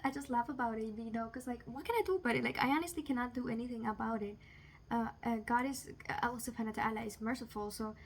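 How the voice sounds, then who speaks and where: A woman's voice: a little high, a little hiss or hum. A young woman talking to camera in a casual, rambling confessional vlog, full of fillers and nervous laughter at serious things. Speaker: vlogger.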